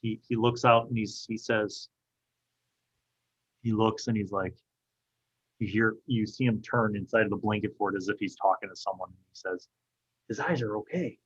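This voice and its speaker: A man as game master, narrating a tabletop game in halting description with many fillers. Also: lowish voice, steady tone, fairly bright tone, slightly rough, highs cut off.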